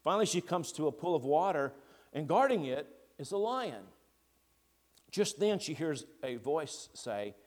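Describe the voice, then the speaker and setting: Male preacher, sermon, very slow, deliberate, long pauses, slightly high voice. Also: sing-song.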